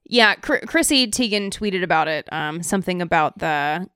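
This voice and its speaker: A woman chats on a podcast in a smooth, clear voice recorded close and dry. She talks in an indignant, chatty way and lets her sentences trail off. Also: on the low side, lively intonation, normal speed, fairly bright tone, dry recording. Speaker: podcast co-host. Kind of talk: casual podcast chat.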